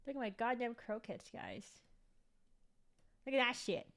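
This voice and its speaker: A woman's voice: fairly high pitch, very animated, unhurried, gravelly, a bit bright. Chatty, foul-mouthed young woman vlogger. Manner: chatty, rambling, swears freely. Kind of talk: casual chat to viewers.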